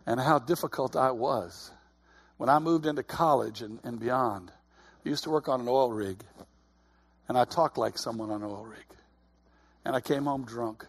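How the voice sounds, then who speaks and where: Husky-voiced man preaching. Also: mid-range voice. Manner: earnest, conversational, repeats words often. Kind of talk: sermon.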